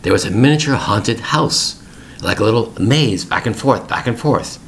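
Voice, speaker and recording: A man's voice: medium pitch, animated, moderate pace, gravelly, slight background noise. A middle-aged man hosting an English-learning podcast, telling a family story in plain, repetitive words for learners.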